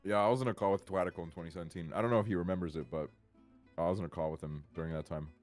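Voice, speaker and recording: A man's voice: sits low, steady tone, racing, a little mellow, faint music behind. A young man chatting as a guest streamer, laid-back and dry, tossing off offhand remarks. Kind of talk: casual chat.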